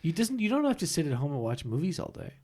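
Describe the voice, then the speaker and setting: A young man co-hosting a casual podcast chat, talking in halting bursts and laughing often. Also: on the high side, big pitch swings, darkish tone. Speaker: podcast co-host.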